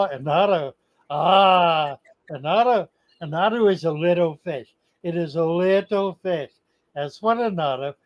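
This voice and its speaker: A man's voice: high-pitched, lo-fi sound. An older man putting on a Danish-accented voice. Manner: reads viewer comments aloud in the accent.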